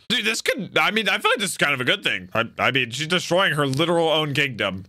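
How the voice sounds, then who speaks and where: An excitable young man narrates his own reactions in casual chat. His voice runs high and bright, leaping wildly in pitch from low mutters to shouted outbursts. Faint music plays underneath. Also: fast talker, few pauses. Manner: excitable, swings into loud outbursts. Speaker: anime reaction host.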